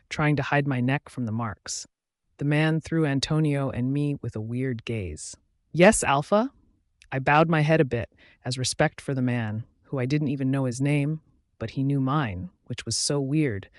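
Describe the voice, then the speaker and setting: A man reading first-person audiobook narration in a steady storytelling voice. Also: medium pitch, no room sound, clean studio sound.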